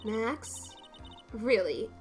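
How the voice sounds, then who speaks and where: An earnest young male defense lawyer voiced by a woman protests nervously in a slightly lowered voice. He sounds flustered and quick to object, a figure in a game dub. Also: lively intonation, soft background music.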